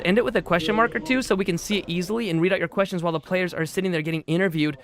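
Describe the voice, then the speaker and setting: A man hosting a live stream, commenting on play and reading out the chat with quick asides. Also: sits high, background noise. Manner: excitable, reads chat aloud, quick asides. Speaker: livestream host and commentator.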